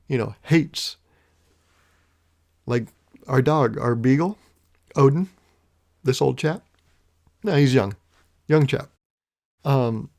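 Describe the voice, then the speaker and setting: A man's voice: medium pitch, vocal fry, darkish tone. A man hosting his own podcast, musing in a wry, rambling way, swearing casually and chuckling often. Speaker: podcast host. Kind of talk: casual solo podcast monologue.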